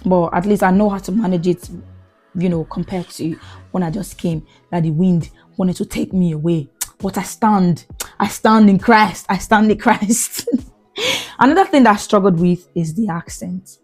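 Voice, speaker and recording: A young Nigerian woman hosting a podcast, chatting casually with lively exclamations and frequent laughs. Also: on the low side, normal speed, breathy edge, faint music behind. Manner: animated, exclamatory, laughs often. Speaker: podcast host. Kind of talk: casual storytelling chat.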